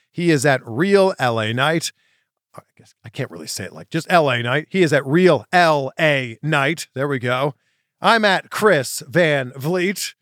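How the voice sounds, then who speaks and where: Male podcast host, slightly high voice, chatty and upbeat, very dry recording. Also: a bit bright, no room sound. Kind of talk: podcast intro monologue.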